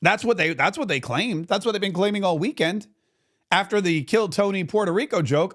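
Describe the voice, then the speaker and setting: High-voiced indignant male commentator. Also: fairly quick. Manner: indignant, sarcastic, animated storytelling. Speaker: political commentary host. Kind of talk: opinion commentary monologue.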